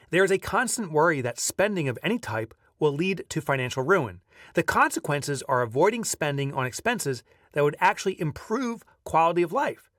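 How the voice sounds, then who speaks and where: Higher-voiced man reading his own book. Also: no echo, clean studio sound, far from the mic. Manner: lively storyteller who breaks off to chat offhand. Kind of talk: audiobook narration with casual asides. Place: video recording setup.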